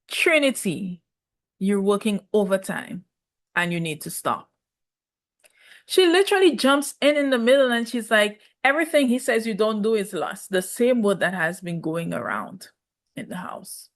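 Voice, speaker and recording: Sassy young woman reviewing reality TV. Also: medium pitch. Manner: sassy, emphatic, drawn-out repetitions. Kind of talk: casual opinionated commentary.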